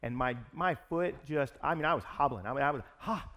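A pastor telling a personal story in a sermon, in an animated, conversational way. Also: male voice, on the high side, fairly quick.

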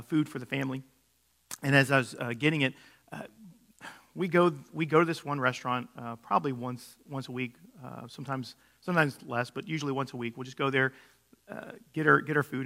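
A man's voice: medium pitch, fairly even intonation, a little fast, vocal fry, pushed and bright. A middle-aged man preaching a sermon, telling stories in a casual way, with many fillers and restarts. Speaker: pastor.

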